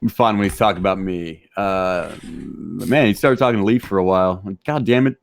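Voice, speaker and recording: A Texan podcast guest with a low voice and vocal fry talks at normal speed. Brash, crude, and laughing, he swears constantly while reading and answering live chat messages.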